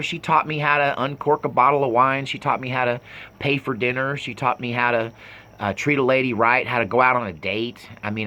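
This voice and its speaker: A man's voice: mid-range voice, sharp tone. A man in his fifties telling his life story in a rambling, self-mocking way, often laughing at himself. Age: 50s. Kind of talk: personal storytelling.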